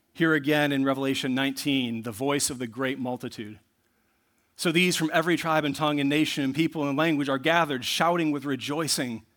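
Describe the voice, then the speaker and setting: Guy preaching, earnest sermon voice, medium pitch, swings low then loud. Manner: earnest preaching, rising to loud bursts when reading scripture. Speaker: pastor.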